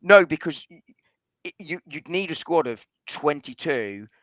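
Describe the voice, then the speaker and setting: A man on a casual football podcast, making his case quickly and carefully, often hedging and restarting. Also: on the high side, lively intonation, a bit bright, dry recording. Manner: fast, reasoned, hedging with restarts. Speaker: podcast panelist.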